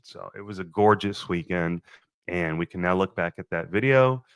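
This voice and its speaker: Young man, podcast host, lowish voice, animated storytelling, swears, dry close mic. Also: moderate pace, smooth, no room sound. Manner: animated, profane, acts out his own quoted lines. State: a little thirsty, just woke up. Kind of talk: casual storytelling monologue.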